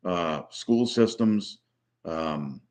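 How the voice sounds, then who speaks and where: A man in his sixties ranting with strong opinions, rambling with many pauses and restarts. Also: low-pitched, expressive, a little mellow. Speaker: vlogger. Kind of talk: solo opinion rant.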